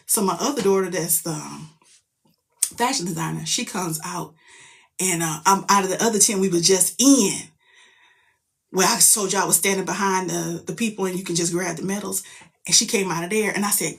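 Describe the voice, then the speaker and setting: A middle-aged woman, a mother, telling a story in casual chat, animated and profane, jumping into loud quoted outbursts. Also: fairly low pitch, moderate pace, gravelly, slightly rough.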